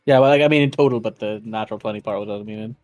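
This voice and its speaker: A man's voice: fairly low pitch, very fast, darkish tone, no room sound. A man playing in a tabletop game, rambling with frequent laughs and restarts. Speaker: player. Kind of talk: casual tabletop game chat.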